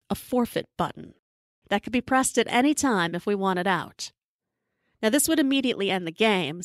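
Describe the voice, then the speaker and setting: A woman host recounting a comic personal story with a sarcastic, deadpan edge and plenty of swearing. Her voice sits in a middling range and is recorded close and dry, with no room sound. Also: mid-range voice, no room sound.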